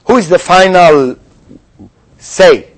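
A man's voice: high voice, lively intonation, slow pace. A man teaching a spiritual lesson who asks his listeners questions and acts out the figures in the story. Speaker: religious teacher.

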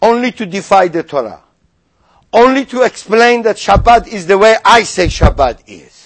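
A man delivers a sermon. His voice sits high and swoops widely, and he acts out a doubter's challenges with rising indignation before dropping to soft, confiding asides. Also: normal speed. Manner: animated, voices mock objections then drops to quiet asides. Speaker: rabbi.

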